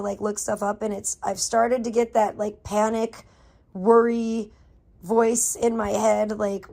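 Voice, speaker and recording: A woman's voice: medium pitch, vocal fry, a little mellow. A middle-aged woman live streamer in casual chat, talking candidly and emotionally to her viewers and swearing freely.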